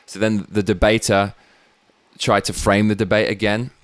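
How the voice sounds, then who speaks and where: A low-voiced British man holds forth in a blunt, sweary monologue, wandering off into asides before pulling himself back on track. The sound is close and dry, with no room around it. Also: level tone, normal speed, dry recording. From Britain. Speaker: show host. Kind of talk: opinionated political commentary.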